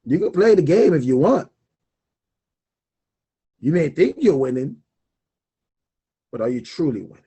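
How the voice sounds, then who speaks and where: A young man talks about money in a husky, slightly breathy voice that sits a bit high for a man. He speaks animatedly, stresses his points by repeating them, and laughs often. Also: sing-song, measured pace, long pauses, dark tone. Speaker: finance show host. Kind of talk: casual solo talk on money.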